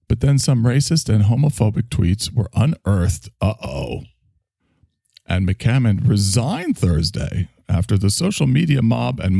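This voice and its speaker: A man with a New York accent hosting a sarcastic solo podcast, reading articles and mocking them with deadpan asides. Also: vocal fry, no room sound, clean studio sound. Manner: mocking, deadpan asides and sudden shouty pitch jumps. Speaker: podcast host.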